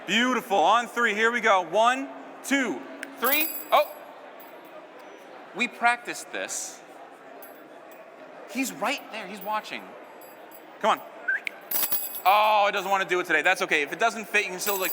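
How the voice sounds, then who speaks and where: A man's voice: sits high, long reverb tail, background noise. A man performing stage magic on a live stage, keeping up joking banter with a volunteer and the crowd.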